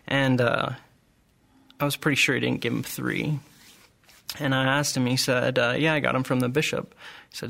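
A middle-aged man sharing a personal testimony in an earnest, halting way, with frequent restarts and pauses. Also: mid-range voice, level tone, vocal fry, bright, forceful tone. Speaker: group member sharing testimony.

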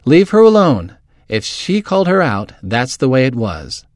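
A man reading as a teasing softball girl. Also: mid-range voice, lively intonation, moderate pace, no echo, clean studio sound, lightly acted. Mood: firm. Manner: playful, teasing. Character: teasing, good-humored girl softball player.

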